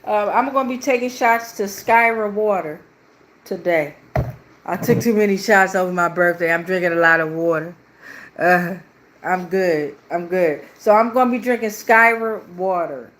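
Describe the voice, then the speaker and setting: A woman giving a casual, playful tarot reading on a livestream, slangy and loose with cursing, who slips into a low, steady voice for a protective prayer. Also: moderate pace. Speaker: tarot reader.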